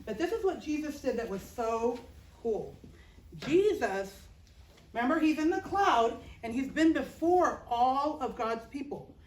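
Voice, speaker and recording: A woman teaching children, telling a Bible story in a lively, playful and expressive way. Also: high-pitched, measured pace, slight background noise. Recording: roomy, distant mic.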